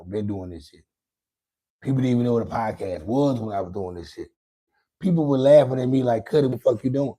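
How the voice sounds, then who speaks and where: A man's voice: mid-range voice, dark tone. A middle-aged man hosting his own podcast, rambling casually and profanely and taunting a viewer in the chat. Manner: rambling, profane, taunting and singsong toward a chatter. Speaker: podcast host. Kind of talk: casual livestream talk answering chat.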